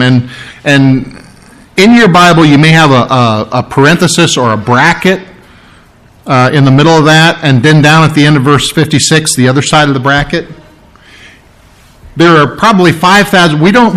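A male pastor teaching through a Bible passage, his voice sitting a little higher than most men's. He preaches in a conversational way, repeating key words for emphasis and checking in with listeners. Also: a bit bright. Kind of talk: sermon, verse-by-verse Bible teaching.

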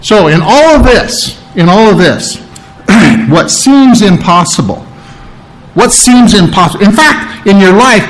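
A man's voice: high voice, low-quality recording. A man preaching a sermon as pastor, in a conversational way, often repeating phrases and putting questions to the congregation.

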